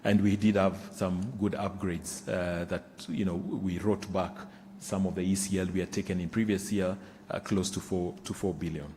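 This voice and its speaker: Man, lower voice, halting results presentation full of fillers, hall reverb. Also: level tone, darkish tone, a little hiss or hum. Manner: halting, many fillers and restarts. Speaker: bank executive presenting results. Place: conference room.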